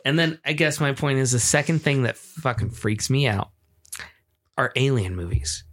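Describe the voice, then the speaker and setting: Animated young man telling a scary story. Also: medium pitch, normal speed. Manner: animated, swearing, acts out screams and quotes. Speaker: podcast co-host. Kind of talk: casual storytelling chat.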